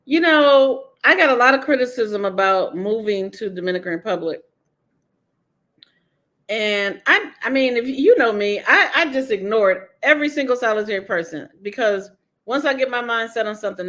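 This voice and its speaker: A woman's voice: mid-range voice, a bit bright. A woman author being interviewed, talking candidly and emphatically, laughing often.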